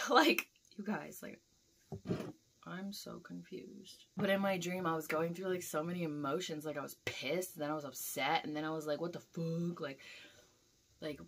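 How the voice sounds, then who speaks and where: A young woman vlogger telling a dream story in a casual, animated way, swearing freely and acting out the scenes. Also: deep voice, normal speed, slightly rough.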